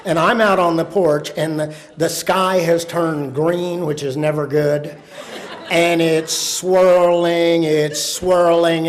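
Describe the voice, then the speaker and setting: Folksy storyteller, slightly high voice. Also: male voice. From Texas. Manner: folksy, dramatic, wry. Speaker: storyteller speaking to an audience. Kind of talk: live humorous storytelling. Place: room with a live audience.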